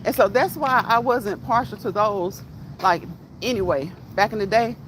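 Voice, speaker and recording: A middle-aged woman talks her way through a casual walking livestream, wandering from thought to thought and chatting straight to her viewers. Her voice is pitched in an ordinary middle range. Street sounds and passing traffic come through clearly behind her. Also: normal speed, low-quality recording. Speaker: vlogger reading live chat. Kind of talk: casual walk-and-talk livestream.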